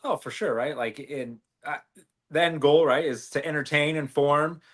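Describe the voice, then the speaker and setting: A podcast co-host with a slightly high, fairly even voice chats casually at normal speed, with a bit of brightness. He rambles, using plenty of fillers and restarting often.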